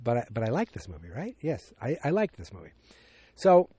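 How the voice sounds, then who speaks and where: A man's voice: medium pitch, wildly swooping pitch, dark tone, husky, no room sound. A man casually recapping a movie on a podcast, rambling, losing his place and acting out bits of dialogue. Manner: rambling, loses his place, acts out lines in quick voices. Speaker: podcast host.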